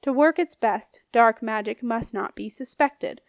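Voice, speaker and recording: A woman narrating a children's fantasy audiobook in a clear, lively read-aloud manner. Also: fairly high pitch, a little slow, dry recording, clean studio sound. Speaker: audiobook reader. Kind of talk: storybook narration.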